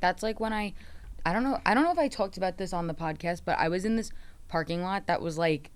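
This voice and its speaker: With animated, casual storytelling, a young woman hosts a podcast, performing the quotes and swearing frequently. Her voice is lowish, fast, and smooth.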